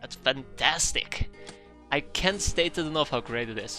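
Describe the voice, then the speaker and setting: Bright-voiced male game streamer. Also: mid-range voice, unhurried, faint music behind. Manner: rambling, upbeat, many fillers and restarts. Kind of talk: casual let's-play commentary.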